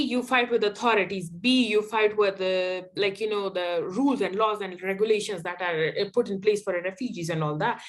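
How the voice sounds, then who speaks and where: A young adult activist from Afghanistan, speaking in a mid-range voice, shares personal stories as a guest in an interview. She is emphatic and candid and often restarts her phrases.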